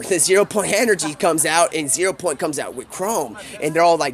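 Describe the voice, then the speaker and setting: A young streamer with a high-sitting, animated voice rambles through an improvised story, quickly shifting his voice for each character he quotes.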